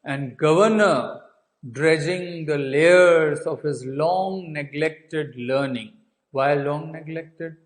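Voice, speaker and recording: A man's voice: on the high side, poor audio. A man teaching English with an Indian accent, walking students through a story and answering his own questions. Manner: asks rhetorical questions and answers them. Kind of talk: explaining a textbook story to a class.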